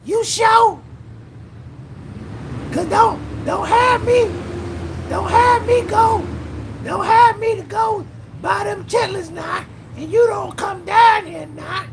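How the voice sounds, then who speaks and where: A man imitating his late mother, an older Southern country woman, coaxing him to come home in a high, calling-out voice. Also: slow, creaky, long pauses, background noise, heavily acted.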